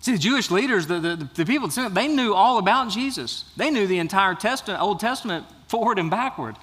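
A male pastor delivers a sermon with an earnest, searching manner, often stumbling over and repeating words as he builds each point. His voice sits noticeably high for a man. It carries a long reverberant tail, as if it is filling a church hall. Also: animated, a little fast, a bit bright, husky. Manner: earnest preaching with frequent restarts and repeated words. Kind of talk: sermon with scripture reading.

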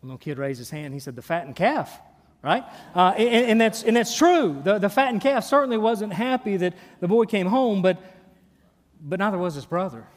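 Animated preaching man in a reverberant hall. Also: high-pitched, normal speed. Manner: animated, emphatic preaching with repeated words and rhetorical questions. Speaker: pastor. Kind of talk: sermon.

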